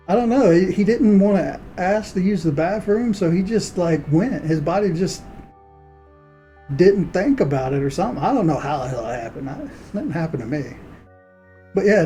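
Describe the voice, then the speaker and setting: A man's voice: sits high, dark tone. A man streaming live, chatting casually and rambling through stories with frequent laughs. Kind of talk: casual chat while working on art.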